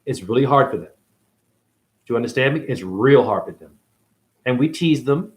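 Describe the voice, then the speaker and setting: Angry, profane man ranting loudly. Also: mid-range voice, expressive, normal speed. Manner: angry, confrontational, swears constantly. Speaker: self-styled spiritual teacher.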